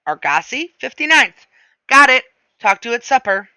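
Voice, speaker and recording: A reader voicing a sharp, suspicious wife who is a psychiatrist, speaking in a probing, matter-of-fact way. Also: mid-range voice, very animated, normal speed, clean tone, no room sound, voice pushed up, full character voice. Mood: brisk.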